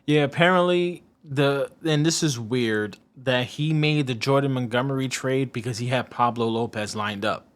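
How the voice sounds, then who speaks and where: A man co-hosts a casual sports podcast at an ordinary middle pitch. He rambles through his points, restarts sentences, slips into sarcasm, and pauses to hunt for names.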